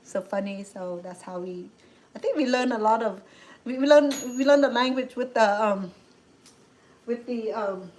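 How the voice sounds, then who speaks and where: A middle-aged woman with a Cambodian accent hosts a cooking show, chatting casually in a slightly high, somewhat mellow voice at normal speed. The recording is rough, and she rambles with lots of restarts and fillers.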